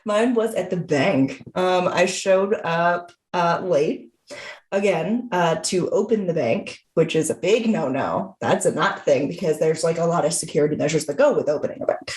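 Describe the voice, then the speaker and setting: A woman's voice: lowish voice, expressive, moderate pace, a little mellow, roomy sound. A young woman co-hosting a podcast, telling a story in casual, rambling chat and acting out quotes in a raised voice. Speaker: podcast co-host.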